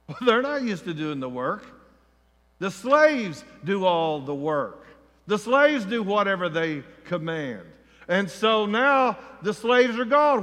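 A man preaching a sermon, telling the story with feeling and acting out the crowd's voices, rising to near shouts. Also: high-pitched, expressive, unhurried. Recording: long reverb of a large hall.

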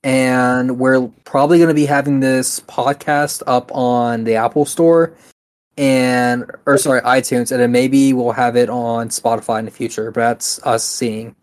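A man's voice: mid-range voice, steady tone, unhurried. A man co-hosting a podcast in casual chat, loose and joking with lots of fillers. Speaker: podcast co-host.

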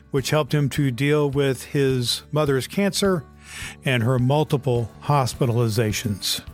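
A man hosting a podcast, talking earnestly and telling a story in a drawn-out way. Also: medium pitch. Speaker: podcast host, doctor. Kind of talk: podcast talk and joke telling.

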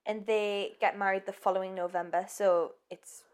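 This podcast co-host has a medium-pitched voice with a steady tone and moderate pace. She tells a true-crime story in a casual, chatty, giggly way, dropping many ums.

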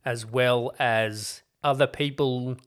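Casting: male podcast co-host, mid-pitched, chatty and wry, casual TV review talk. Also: fairly even intonation, takes it slowly. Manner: chatty, explaining at length with wry asides. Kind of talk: casual chat reviewing TV shows.

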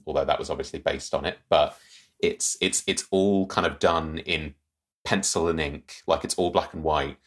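A man with an extremely low voice, talking casually on a podcast. He recommends things with enthusiasm, filling the gaps with ums. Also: a bit bright. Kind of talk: casual chat.

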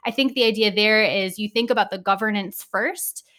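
A woman talking as a guest in a relaxed conversation, articulate and engaged. She explains her points fluently, sometimes backtracking to rephrase as she thinks aloud. Her voice sits in an ordinary middle range for a woman. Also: medium pitch, moderate pace. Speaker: education consultant guest. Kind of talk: casual conversational interview.

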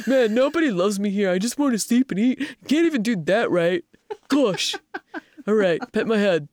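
A woman's voice: medium pitch, lively intonation, moderate pace, darkish tone, dry recording, studio quality, lightly acted. A woman voicing her cat as a cynical, grumbling little guy who complains a lot. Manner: whiny complaining. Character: cynical grumpy male house cat.

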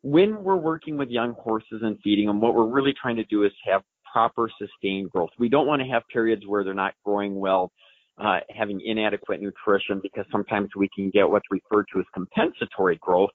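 Low-voiced man explaining over a phone line. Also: brisk, no echo. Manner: folksy, explanatory, lots of fillers. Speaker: equine science expert. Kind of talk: answering listener questions on a live show.

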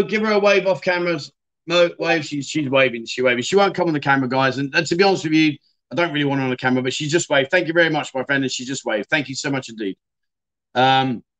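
A man's voice: on the high side, fairly bright tone. A middle-aged man hosting a casual livestream, reading viewer comments and chatting in a self-deprecating way. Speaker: livestream host.

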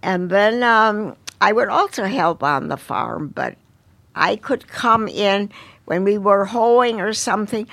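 An older woman, a restaurant owner, talking as an interview guest and recalling the past in an unhurried way, often restarting her sentences. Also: mid-range voice, lively intonation, gravelly, fairly bright tone, no room sound. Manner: unhurried storytelling with frequent restarts. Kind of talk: casual interview reminiscence.

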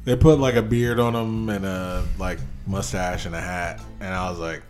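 A man co-hosting a movie review podcast, telling an animated, profane story and acting out the quotes. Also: sits low, moderate pace, soft background music. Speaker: podcast co-host. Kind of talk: casual movie review chat.

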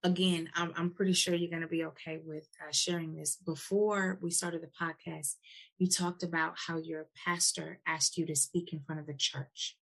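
A woman's voice: deep voice, level tone, moderate pace, creaky, fairly bright tone, rough recording. A woman hosting a casual podcast interview, encouraging her guest with frequent affirming murmurs. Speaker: podcast host.

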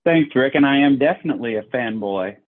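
A man's voice: medium pitch, animated, brisk. A man in his forties with a Southern US accent, a podcast guest telling his story openly and frankly. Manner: open, frank, plainspoken. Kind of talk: candid personal storytelling. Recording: tinny phone-like line.

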